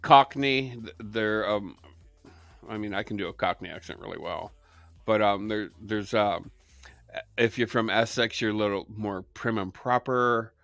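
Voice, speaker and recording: A male co-host joking his way through a casual chat. His low voice is gravelly yet sharp and bright. The sound is dry and close. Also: measured pace, no room sound, soft background music. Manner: animated, joking asides.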